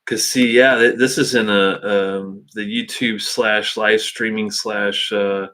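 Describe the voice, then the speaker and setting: Man, low voice, casual webcam stream host, halting and thinking aloud. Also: flat delivery, pushed and bright. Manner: halting, thinking aloud with many fillers and restarts. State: hiccups. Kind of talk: casual live-stream chat.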